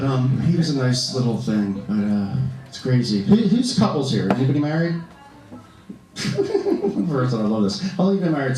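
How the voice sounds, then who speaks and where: A man doing stand-up comedy in a comedy club, camp and animated, bantering with the audience. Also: medium pitch. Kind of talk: stand-up comedy with crowd work. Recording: echoey club heard from a distance, audience laughter. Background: audience laughing.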